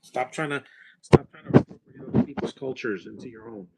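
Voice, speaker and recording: This is a man recording a live commentary over a movie, speaking casually at a mid-range pitch. His remarks wander from one point to the next, full of fillers and false starts. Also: brisk, creaky, background noise. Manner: rambling, off-the-cuff remarks with frequent restarts. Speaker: film commentator.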